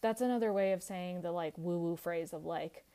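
A woman's voice: fairly low pitch, normal speed, mellow. A woman hosting a podcast, talking in a casual, candid monologue, full of "like" fillers, swearing freely and laughing easily. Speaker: podcast host.

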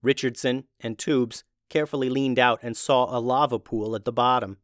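A man narrating a children's fantasy adventure in a steady, even reading voice. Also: mid-range voice, normal speed, dry recording, studio quality. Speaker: storyteller.

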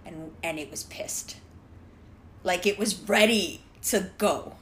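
A young woman in casual chat with friends, telling an animated story full of "like" fillers, acting out quotes and laughing often. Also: fairly low pitch, takes it slowly.

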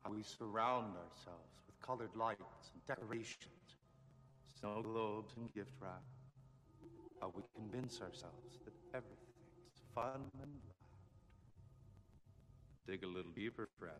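An actor playing a grim priest delivering a slow, solemn sermon. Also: male voice, lowish voice, fairly bright tone. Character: grim man preacher, sermonizing on darkness. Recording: film audio, echoey church from far off.

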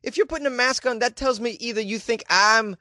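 A man's voice: extremely high pitch, fairly quick, pushed and bright, dry recording, studio quality. Wisecracking man riffing on the news. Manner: wisecracking, laughs often, riffing asides. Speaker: podcast host. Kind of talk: comedic news commentary.

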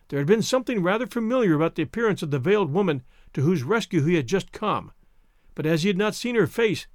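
A man reading an adventure novel aloud as narrator, in a theatrical, expressive way. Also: high voice, no room sound, studio quality. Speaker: audiobook narrator. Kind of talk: scripted narration.

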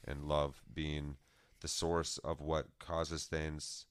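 Brief: very low, flat-toned man, podcast co-host, reflective musing, dry close sound. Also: slow pace, smooth, no echo. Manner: musing, reflective, trails off mid-thought. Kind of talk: casual philosophical discussion.

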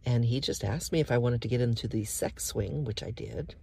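A woman hosting her own podcast in an intimate, casual monologue, soft and breathy, often slipping into whispers. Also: extremely low pitch, fairly quick, no echo. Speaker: podcast host.

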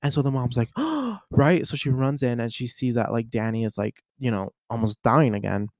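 Young male podcast host, casual storyteller, mid-pitched, dry close sound. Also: fairly quick, no room sound. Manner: animated storyteller, acts out voices. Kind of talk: casual chat.

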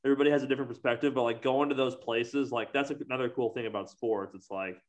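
Man, casual chat, rambling, filler-heavy, mid-pitched voice. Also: steady tone, fast talker.

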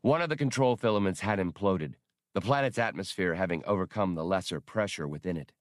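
Man, audiobook narrator, low voice, lively delivery, dry close sound. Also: brisk, no echo. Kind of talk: audiobook reading.

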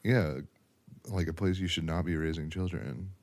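A man's voice: low-pitched, steady tone, moderate pace, a little mellow. A young man co-hosting a podcast in casual, blunt, profane chat. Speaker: podcast co-host.

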